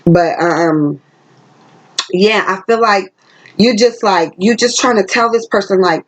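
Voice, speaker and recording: A woman's voice: mid-range voice, slow pace. A woman giving a casual, chatty tarot reading to her viewers, talking emphatically straight to the camera. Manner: chatty and emphatic, sings snippets of songs. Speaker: tarot reader. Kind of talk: casual spiritual reading vlog. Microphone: camera she set up herself.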